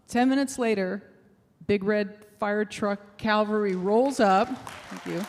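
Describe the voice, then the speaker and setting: A woman's voice: mid-range voice, moderate pace, darkish tone, big-room sound. A middle-aged woman telling a candid personal story on stage, self-deprecating, with laughing asides. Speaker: speaker at a fundraiser showcase. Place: theater stage.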